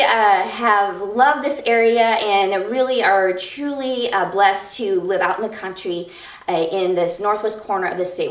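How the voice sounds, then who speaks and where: Upbeat woman with a Minnesota accent, fitness business owner pitching herself, recorded off-mic in a roomy space. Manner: upbeat, self-promoting. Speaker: fitness entrepreneur. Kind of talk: casual self-introduction to camera. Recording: roomy, from a distance.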